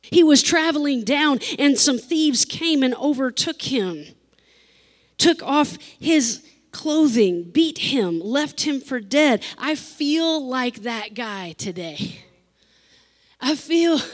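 A woman's voice: high-pitched, animated, slow pace. A woman pastor preaching an emotional sermon, repeating phrases for emphasis and laughing between lines.

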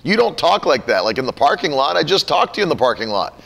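Animated man with a higher voice, preaching casually. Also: fast, vocal fry. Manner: animated, laughing, mimics voices. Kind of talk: casual teaching talk.

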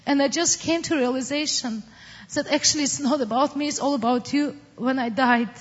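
A woman from the Middle East telling her personal testimony in an earnest, halting way, with frequent fillers. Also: high-pitched, steady tone, in a large hall, muffled recording. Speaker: testimony speaker.

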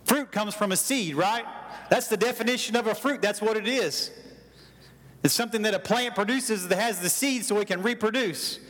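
A man's voice: high voice, moderate pace, fairly bright tone. A man preaching a sermon with folksy storytelling, calling out to his congregation for responses. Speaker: pastor. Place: church hall. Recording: long hall reverb.

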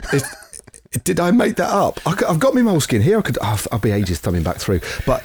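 A man's voice: on the high side, huge pitch swings, fast talker, darkish tone, slight background noise. A man hosting a casual podcast chat and quiz, laughing often and stumbling over his words. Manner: laughs a lot, stumbles and restarts. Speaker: podcast host.

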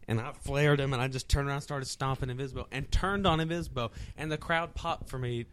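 A man's voice: mid-range voice, fast talker, a bit bright, a little hiss or hum. A man, a wrestler and podcast guest, telling stories with laughter and profanity. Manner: profane, laughing, acts out quotes. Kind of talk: animated storytelling. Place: podcast studio.

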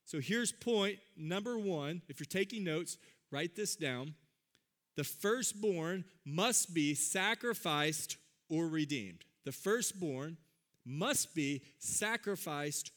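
A man delivering a sermon in a high, bright voice. He preaches with animation and calls out to his listeners. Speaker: pastor.

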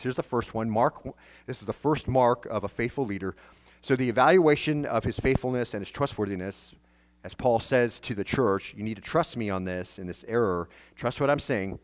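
A man, a pastor, preaching a sermon in a conversational way, asking rhetorical questions and often restarting his phrases. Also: mid-range voice.

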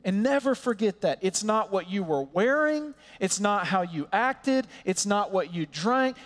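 A high-pitched man delivers an earnest, impassioned sermon, slowing to lean on key words. His voice rings with a long reverb, as in a church hall. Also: animated, a bit bright. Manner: earnest, impassioned preaching with slow emphatic pauses. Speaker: pastor.

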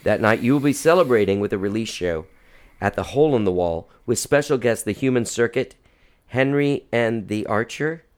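A man's voice: lowish voice, lively intonation, a little fast. A man hosting a radio show, chatting casually with guests, rambling and laughing easily. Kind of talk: casual interview chat.

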